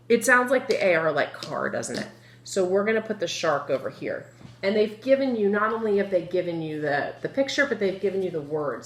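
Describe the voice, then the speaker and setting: A woman teaching young children a phonics lesson, slowly drawing out word sounds and asking the class questions. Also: fairly low pitch. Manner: slow, drawn-out sounding of words; lively, encouraging, asks the children questions. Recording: echoey room with faint noise.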